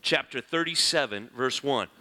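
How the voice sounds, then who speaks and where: A man teaching through a Bible passage in a lively, conversational way, reading scripture aloud and explaining it. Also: medium pitch, moderate pace.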